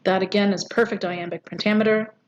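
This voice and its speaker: A woman's voice: mid-range voice, steady tone, fairly quick. A woman teaching a poetry lesson, explaining step by step with frequent ums and rhetorical questions. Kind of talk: recorded poetry lecture. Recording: dull audio with faint background noise.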